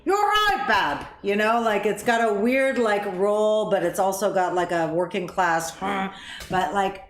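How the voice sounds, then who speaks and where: A middle-aged woman talks casually while she cooks, rambling off on tangents and swearing freely. Her voice sits at a middle pitch. The sound comes from an echoey kitchen with noise behind. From Canada. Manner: chatty, swearing, rambling asides. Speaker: cooking show co-host. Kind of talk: casual cooking chat.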